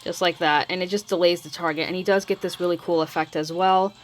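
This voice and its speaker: Speaking quickly in a low, fairly even voice, a mobile game video creator rambles through hesitant gameplay commentary for her channel, trailing off and calling herself a mumbler. Faint music plays behind her, and the recording is rough.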